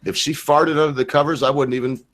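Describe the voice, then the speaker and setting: A man's voice: medium pitch, fairly even intonation, fast, fairly bright tone. A drunk man from Michigan hosting a casual livestream chat, crude and rambling. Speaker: livestream host.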